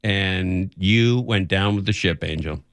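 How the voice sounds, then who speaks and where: Low-voiced man telling a rambling story. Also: unhurried, no echo. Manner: rambling, self-mocking, laughs often. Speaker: radio show host. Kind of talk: casual storytelling chat.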